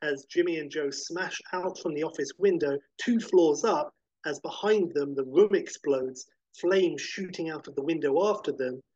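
Podcast guy walking thru a movie pitch, husky voice, bit muffled audio. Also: moderate pace, darkish tone. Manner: descriptive, with fillers and restarts. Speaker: podcast host pitching a film. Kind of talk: narrating a screenplay pitch.

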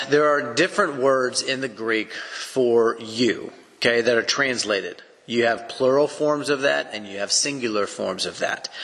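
A man's voice: medium pitch, bright, forceful tone. A man with an East Texas accent giving an earnest, emphatic Bible teaching that explains things step by step. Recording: long echoing reverb.

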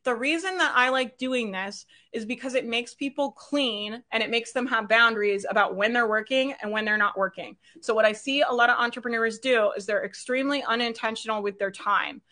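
Bright, upbeat woman coaching. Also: fairly high pitch, fairly quick, hardly any pauses. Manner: upbeat, chatty, laughs often, peppers with "right?". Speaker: business coach. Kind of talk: recorded live business training.

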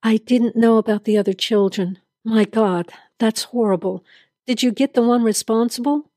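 A woman's voice: a little high, steady tone, moderate pace, mellow, no room sound, lightly acted. Woman reading an urgent, pleading mother for an audio drama; dry, close sound. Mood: shaken. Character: frantic mother at hospital, woman, adult.

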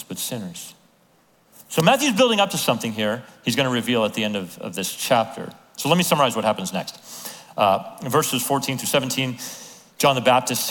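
A man preaching a sermon as a pastor, telling the story with lively acted-out voices of the people in it. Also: mid-range voice. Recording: long hall reverb.

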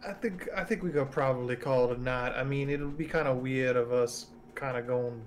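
A man's voice: medium pitch, fairly quick. A man playing a tabletop game, wry and joking, stumbling over restarts. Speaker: player. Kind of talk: casual tabletop game chat.

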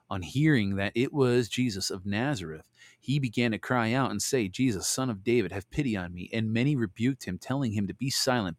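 A man with a fairly low voice reads scripture aloud at a deliberate pace. He breaks off now and then for loose, conversational comments to his audience. The sound is close and dry. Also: no room sound. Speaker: host reading and commenting on scripture. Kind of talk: Bible reading with casual commentary.

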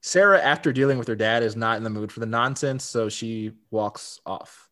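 A man's voice: mid-range voice, normal speed, a bit bright. A man co-hosting a podcast, casually recapping a TV episode, chatty, laughing often and repeating words. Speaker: podcast co-host.

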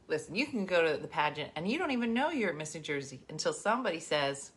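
A middle-aged woman hosting a live stream, talking fast and loose with a bright, clear edge to her voice. Her pitch swings widely as she tells stories and breaks off to thank viewers. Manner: animated and chatty, thanking viewers mid-sentence. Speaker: livestream host. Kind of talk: casual chat.

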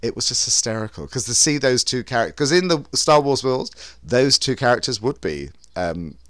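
A man's voice: mid-range voice, animated, moderate pace, a bit bright, no room sound, studio quality. A man co-hosting a podcast, telling stories in a chatty, rambling way with many restarts. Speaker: podcast co-host. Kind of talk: casual chat.

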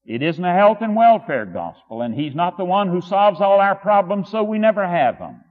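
Animated preacher man in an echoing hall. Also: high voice, normal speed. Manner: storytelling, emphatic repetition. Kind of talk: sermon. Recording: tinny phone-like sound with long hall reverb.

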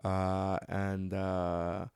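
A man's voice: sits low, monotone, very slow, creaky, darkish tone, smooth, no echo, studio quality. A man in his thirties co-hosting a casual chat with his wife, joking and teasing as he retells a story. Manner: joking, swears freely, teasing. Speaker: podcast co-host.

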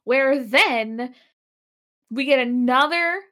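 High-pitched sarcastic woman chatting. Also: slow, pushed and bright. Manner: sarcastic, laughing, acts out characters' lines. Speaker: podcast co-host. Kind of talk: casual chat recapping a TV episode.

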